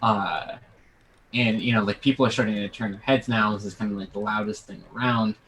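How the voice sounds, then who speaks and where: A man narrating a tabletop game as game master, halting with many fillers. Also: on the low side, steady tone, a bit bright, a little hiss or hum, rough recording.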